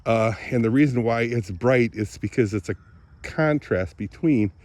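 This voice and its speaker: An older man vlogging outdoors by the woods on a phone camera, rambling as he thinks aloud, often clearing his throat and a bit out of breath. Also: medium pitch, measured pace, a little mellow, no echo. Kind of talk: casual morning vlog, thinking aloud outdoors.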